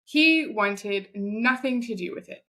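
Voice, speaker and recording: A woman in her thirties, a podcast guest, telling her own story in a chatty, animated way. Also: fairly high pitch, slow pace. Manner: chatty, animated retelling with quoted asides. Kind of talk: conversational storytelling.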